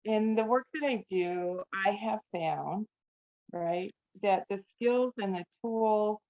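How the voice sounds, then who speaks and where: A woman who works as a family therapist, talking earnestly in an interview, sometimes mimicking a scolding parent. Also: medium pitch. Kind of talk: podcast interview. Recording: tinny phone-like remote line.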